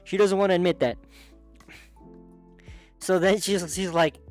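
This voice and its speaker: Brief: chatty male manga recapper, slightly higher voice, excitable, with faint music under. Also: unhurried, pauses often. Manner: excitable, chatty, many restarts and asides. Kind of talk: casual commentary.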